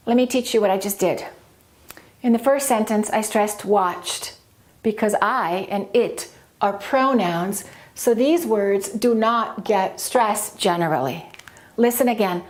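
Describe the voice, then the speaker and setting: A woman teaching English pronunciation, modelling example sentences clearly and deliberately. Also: medium pitch. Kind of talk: pronunciation lesson with spoken examples.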